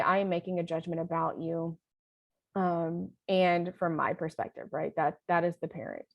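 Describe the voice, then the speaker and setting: A woman's voice: on the low side, vocal fry, no echo, muffled recording. A woman leading a training session in a conversational lecture style, often checking in with "right?".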